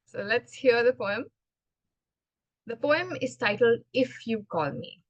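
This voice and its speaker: A woman giving a prepared club speech on poetry, earnest and expressive, talking in a measured way. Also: a little high, dry recording, muffled recording. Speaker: club speaker.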